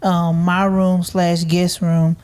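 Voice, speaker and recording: Low-voiced young woman, slow and plain. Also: level tone, a little mellow. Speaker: guest. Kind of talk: conversational recollection.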